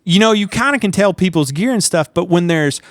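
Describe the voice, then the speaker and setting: Animated storytelling man, smooth voice. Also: high voice, fairly quick, no echo. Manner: animated storyteller, acts out shouts and quotes. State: sleep deprived. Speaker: podcast co-host. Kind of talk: casual chat.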